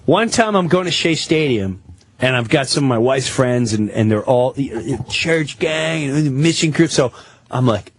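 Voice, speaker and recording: A man's voice: mid-range voice, a little slow, slight background noise. A man telling a comic story as a radio show guest, acting out the people in it. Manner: animated, acts out the people in his story. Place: radio studio.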